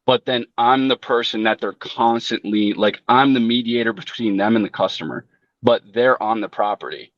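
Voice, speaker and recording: A man's voice: medium pitch, moderate pace, a bit bright, no room sound, muffled recording. A man who runs a lawn care business, talking casually and thinking aloud while he acts out customers. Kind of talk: casual chat.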